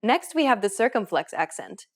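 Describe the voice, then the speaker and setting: A woman hosting a language course, reading a scripted lesson in a clear, even teaching manner. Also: fairly high pitch, normal speed.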